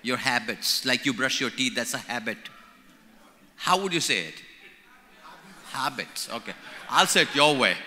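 An Indian-accented man in his sixties addresses a church leadership conference, playful and fond of repeating his key words. His voice is very bright and cutting, at a middle pitch. It rings through a large hall with a long echo. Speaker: conference speaker. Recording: reverberant hall.

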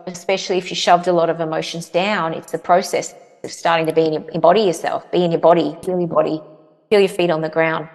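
A woman guest answering interview questions earnestly, often repeating phrases for emphasis. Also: on the low side. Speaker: parenting guest. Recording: long reverberant echo.

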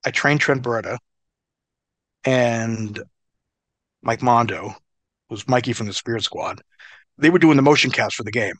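Profane, animated middle-aged man telling stories. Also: mid-range voice, unhurried, pauses often, no room sound. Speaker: interview guest, former pro wrestler. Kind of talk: casual storytelling interview.

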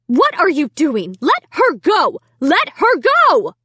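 A woman's voice: extremely high pitch, huge pitch swings, slow, no room sound, voice pushed up, heavily acted. A woman voicing an impatient, angry mother who demands answers in a storybook reading. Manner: sharp, demanding, raised voice.

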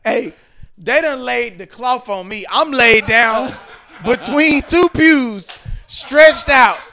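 Lively high-voiced man telling comic stories. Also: takes it slowly, crowd noise. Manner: animated, acts out voices, breaks into shouts and laughter. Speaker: podcast co-host. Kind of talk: comedic storytelling.

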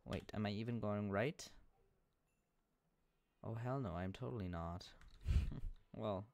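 Playful streamer guy, unhurried and gravelly, half-singing his moves under his breath. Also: fairly low pitch, a little mellow. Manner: sing-song, hums and chants his actions; playful, muttering to himself. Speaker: game streamer. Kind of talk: casual gameplay streaming.

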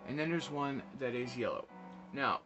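A man's voice: medium pitch, animated, normal speed, muffled recording. A man hosting a casual cocktail vlog, chatty and enthusiastic, often laughing and repeating himself. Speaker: cocktail show host. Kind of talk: casual spirits review vlog. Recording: music playing behind.

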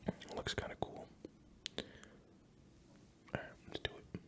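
A man with a Canadian accent whispering a casual, jokey ASMR mukbang intro into a close microphone, rambling with ums. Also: slow.

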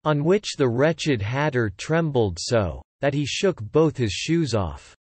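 A man reads a storybook aloud in an expressive way, his pitch rising and falling a lot. His voice sits at mid pitch and sounds dry and close to the mic. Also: slow pace, slightly rough, dry recording. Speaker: narrator.

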